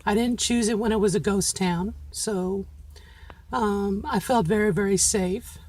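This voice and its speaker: A woman's voice: medium pitch, measured pace, a little mellow. A middle-aged woman talking candidly to viewers in a casual vlog, using a feminine voice she has trained and places with care. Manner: candid and self-encouraging, talking straight to viewers. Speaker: vlogger. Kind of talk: casual reflective monologue.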